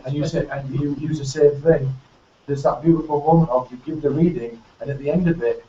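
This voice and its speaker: Mellow-voiced host on a distant, roomy line. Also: male voice, a little high, steady tone, a little fast. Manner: thoughtful, adds ideas in long sentences. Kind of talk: casual discussion. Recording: dull, roomy, distant sound with faint noise.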